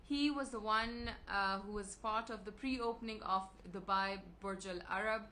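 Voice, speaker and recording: A woman's voice: mid-range voice, steady tone, moderate pace, sharp tone, slight background noise, poor audio. A woman hosting an interview show, speaking eagerly and admiringly, with a few stumbles. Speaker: host. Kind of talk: hosted interview chat.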